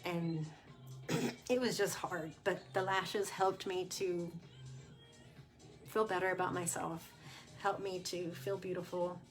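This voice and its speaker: A woman speaking casually on a livestream, sharing her personal testimony in a candid, chatty way with fillers and quick laughs. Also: lowish voice, steady tone, over music. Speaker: cancer survivor sharing her story. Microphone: webcam or phone on a livestream.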